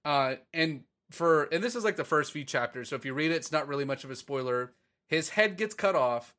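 A man in casual podcast chat, excitedly and profanely retelling a story to his co-host. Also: fairly high pitch, brisk.

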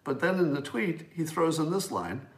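A man's voice: fairly high pitch, big pitch swings, normal speed. A man hosting a solo commentary show, talking in a conversational, emphatic way as he thinks aloud. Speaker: host. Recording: roomy echo.

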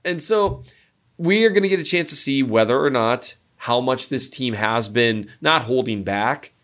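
A middle-aged man co-hosting a casual sports podcast, animated, his voice jumping up in pitch when he makes a point. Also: normal speed.

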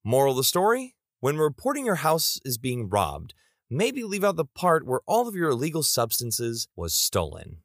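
A man's voice: medium pitch, huge pitch swings, normal speed, a bit bright, dry recording, clean studio sound. A man narrating reader stories in a comedic style, with playful asides.

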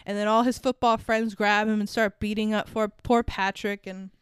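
A woman's voice: medium pitch, little pitch movement, moderate pace, clear, resonant tone, no room sound, studio quality. A woman co-hosting a casual movie podcast, swearing freely, laughing often and acting out the characters' lines. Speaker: podcast co-host. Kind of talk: casual movie-review chat.

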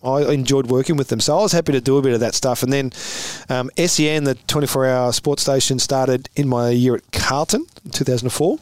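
Australian man, forties, animated storyteller, laughing, mid-range voice, dry close sound. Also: mid-range voice, fairly quick, few pauses, dry recording. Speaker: former footballer, guest. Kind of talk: casual storytelling interview.

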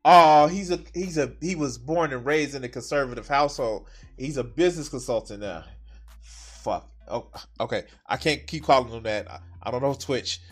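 A man's voice: mid-range voice, moderate pace, husky. A man streaming his reactions, swearing often and breaking into heated, mocking rants. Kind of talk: casual profane reaction commentary.

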